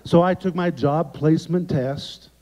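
A man preaching as a guest by video and telling a story dramatically, swinging from emphatic lines down to hushed ones. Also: a little high, unhurried. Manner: dramatic, emphatic, with sharp drops to quiet. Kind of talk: sermon storytelling. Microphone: remote video recording. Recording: echoey, dull lo-fi sound.

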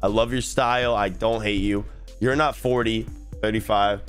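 A man's voice: fairly low pitch, fairly even intonation, normal speed, faint music behind. Joking young man reacting to a video. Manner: blunt, joking, swears freely. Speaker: YouTube reaction host. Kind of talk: casual reaction commentary.

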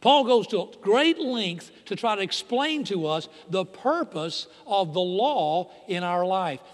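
A middle-aged man preaching a sermon as a pastor, moving between hushed, intimate lines and loud, emphatic preaching. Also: high voice, very animated, slow. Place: church sanctuary. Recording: long reverb of a church hall.

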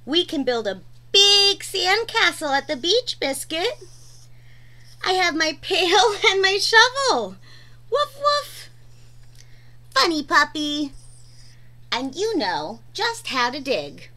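A woman reading a children's picture book aloud in a gentle, sing-song way, chatting to her dog between pages. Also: extremely high pitch, big pitch swings, slow pace. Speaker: storyteller.

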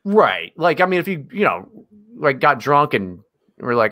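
Man, podcast co-host, sarcastic, profane, jokey, slightly high voice. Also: very animated, normal speed, a bit bright. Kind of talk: casual comedic podcast chat.

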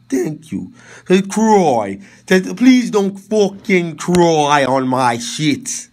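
A man's voice: fairly high pitch, very animated, drawn-out words, darkish tone. A man on a livestream ranting in a mocking, profane, heckling way.

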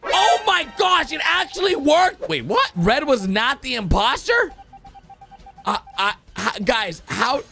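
A man gives hyped-up commentary over faint background music. His voice sits very high and leaps around, with a gravelly edge. He keeps exclaiming as he goes. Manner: excitable, exclaiming, quick gasps and laughs. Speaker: YouTube host. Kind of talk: excited reaction commentary.

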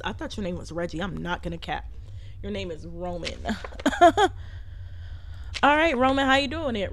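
A young woman streaming a game live, reacting loudly and profanely with casual commentary. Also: medium pitch, slight background noise.

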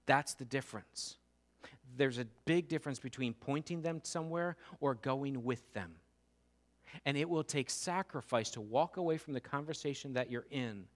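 A man preaching a sermon as pastor, conversational, acting out little quotes and building to loud emphatic repetitions. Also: a little high. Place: church sanctuary.

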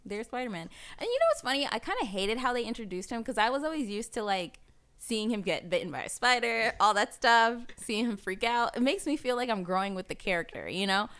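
A woman hosting a podcast in casual chat who laughs often and jumps up in pitch when she quotes people. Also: expressive, a little fast, a bit bright, smooth. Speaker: podcast host. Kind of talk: casual chat reacting to a movie trailer.

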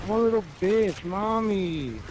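A man putting on a mocking, whining voice of a bratty boy crying to his mother, over loud game gunfire. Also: high-pitched, animated, very noisy. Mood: mocking whine. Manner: mocking, whining, drawn-out sneer. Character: whiny bratty boy gamer crying to mommy.

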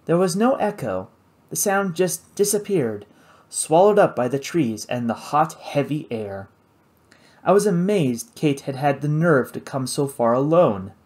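A man narrating an adventure novel in the first person, with an expressive storytelling delivery. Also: on the high side, unhurried. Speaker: audiobook narrator.

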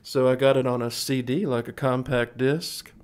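A man's voice: mid-range voice, little pitch movement, moderate pace, darkish tone, clean tone. A man in his forties hosting a music livestream, chatting casually between songs in a folksy, rambling way and calling his viewers folks. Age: 40s.

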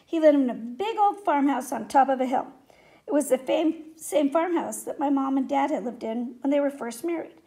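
High-voiced woman reading a kids' story aloud, gentle and expressive. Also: normal speed. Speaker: story reader.

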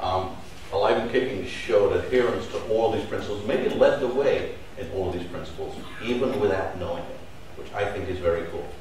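A man's voice: on the low side, brisk, darkish tone, a little hiss or hum. Fifties man presenting on stage, bantering with the crowd, picked up from afar in a roomy hall. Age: 50s. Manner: chatty, joking with the audience. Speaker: conference speaker. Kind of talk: live conference presentation. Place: large conference hall. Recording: echoey hall, mic at a distance.

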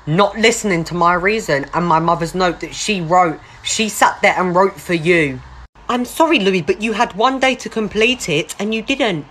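A woman's voice: lowish voice, moderate pace, a bit bright. A woman acting out a school comedy sketch in an indignant, crude, ranting manner.

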